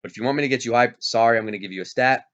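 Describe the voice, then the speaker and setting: A man's voice: mid-range voice, rapid-fire. Man, fantasy sports host, casual hyped chat, getting over a cold, dull lo-fi audio. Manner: animated, hyped, self-interrupting. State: recovering from illness, coughing. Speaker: fantasy football league host. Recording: dull lo-fi sound.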